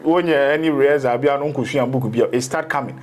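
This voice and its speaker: A man's voice: mid-range voice, fast talker. A man, a spiritual teacher in a casual interview, rambling through explanations and slipping into local phrases.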